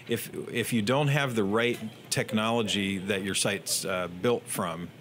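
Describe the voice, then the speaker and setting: Low-voiced affable male guest. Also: steady tone, measured pace, a bit bright, slight background noise. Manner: affable, laughs easily, restarts his sentences. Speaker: guest, web design business owner. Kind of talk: casual interview chat.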